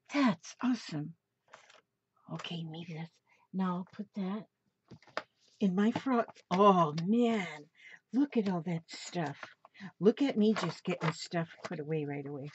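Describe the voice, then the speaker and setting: An older crafting vlogger chats casually while opening mail, delighting in each piece with gasps and gushing. She speaks in a lowish, darkish voice, captured in a dull lo-fi home recording with a little background noise.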